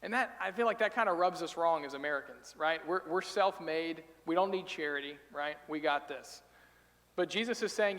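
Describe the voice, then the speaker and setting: A man's voice: on the high side, moderate pace, a bit bright, big-room sound. A man preaching a sermon in a casual, storytelling way, acting out quoted voices as he retells the passage. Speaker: pastor. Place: church sanctuary.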